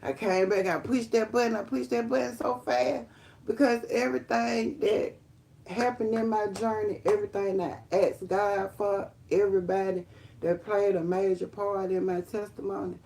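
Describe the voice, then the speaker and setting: A woman telling her life testimony on a live stream, rambling and emphatic, talking straight to viewers as y'all and breaking into high excited exclamations. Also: normal speed, gravelly, slight background noise. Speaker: livestream host sharing her testimony.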